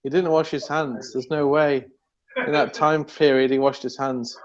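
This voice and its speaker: A man's voice: medium pitch, fairly even intonation, moderate pace. A man chatting on a video call, joking crudely and teasing. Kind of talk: casual live-stream chat. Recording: dull lo-fi call audio.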